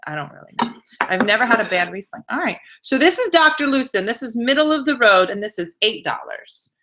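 A woman's voice: fairly high pitch, big pitch swings, a little fast, background noise. A middle-aged woman hosting a live wine-tasting stream, chatting casually, laughing and reading viewer comments aloud. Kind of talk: casual livestream chat.

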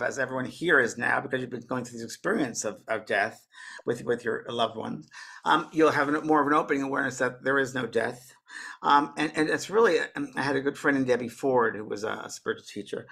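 Gravelly, husky man rambling casually. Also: mid-range voice, pushed and bright. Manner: rambling, with frequent restarts and repeated words. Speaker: spiritual medium guest. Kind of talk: casual conversational talk.

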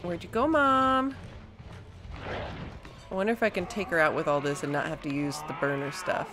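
A woman's voice: sits low, fast. Panicky young woman narrating a horror game. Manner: panicky, rambling, swearing, talks to the game. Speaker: gaming streamer. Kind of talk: let's play commentary.

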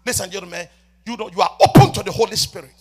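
A man preaching a sermon as a prophet, swinging between loud shouts and soft murmured prayer and repeatedly addressing the congregation. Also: sits high, very fast, a crowd in the background. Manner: repeats "ladies and gentlemen" often.

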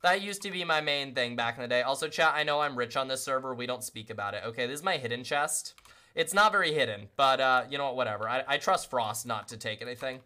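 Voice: medium pitch, fast, pushed and bright. A game streamer chatting casually to viewers while playing, self-deprecating and greeting everyone with repeated welcomes. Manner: chatty, self-deprecating, talks to chat constantly.

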